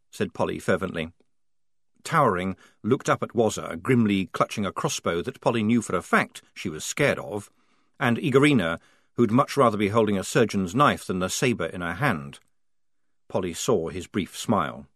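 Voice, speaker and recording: Male audiobook reader, lively varied intonation, dry close-miked sound. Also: on the low side, normal speed, no echo. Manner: expressive, varied storytelling. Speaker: audiobook narrator. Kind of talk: scripted narration.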